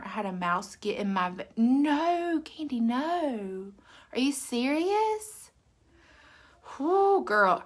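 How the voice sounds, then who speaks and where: A woman's voice: medium pitch, fairly bright tone. A woman, chatting casually on a live stream, reading viewer comments aloud and laughing often. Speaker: makeup seller livestream host.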